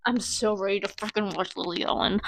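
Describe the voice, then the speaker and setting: A woman's voice: mid-range voice, fairly quick, slight background noise, low-quality recording. A woman vlogging in a casual, chatty way, swearing freely and using plenty of filler words. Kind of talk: casual vlog chat.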